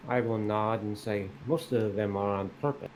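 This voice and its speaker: A man playing in a tabletop game, speaking hesitantly with many pauses and fillers. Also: fairly low pitch, fairly even intonation, darkish tone, slight background noise, rough recording. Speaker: player. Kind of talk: tabletop role-play.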